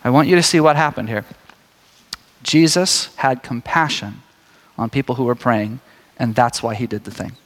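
A man preaching a sermon in a relaxed, conversational way, with joking asides to the congregation. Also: mid-range voice, moderate pace, pauses often. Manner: conversational, animated, jokey asides. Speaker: pastor. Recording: long hall reverb.

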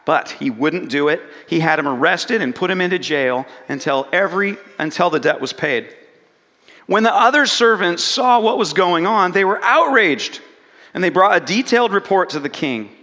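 A man preaching a sermon, telling the story with animated retellings and asking the congregation questions. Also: high-pitched, normal speed, big-room sound. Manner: animated storytelling, acts out quoted lines, asks the congregation questions. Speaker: pastor.

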